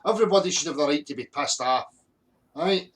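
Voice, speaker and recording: This Scottish livestream host speaks a little fast in a fairly high-pitched voice. He rants bluntly and angrily with heavy swearing while greeting viewers from the chat.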